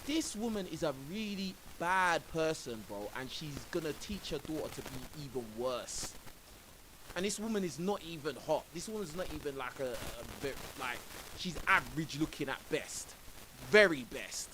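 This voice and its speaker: A man's voice: a little high, animated, moderate pace, poor audio. Ranting indignant man streamer. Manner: indignant, repeats "bro", ranting. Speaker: streamer reacting to a clip. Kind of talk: reaction commentary on a livestream. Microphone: own microphone. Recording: faint hiss.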